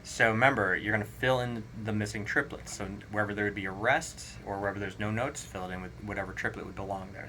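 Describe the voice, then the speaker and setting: A man teaching a drum lesson, counting rhythms aloud in a relaxed, explanatory way. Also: on the low side, quick pace, hardly any pauses, heavy background noise. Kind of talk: casual spoken drum lesson. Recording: drums playing clearly behind the voice. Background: drum kit playing.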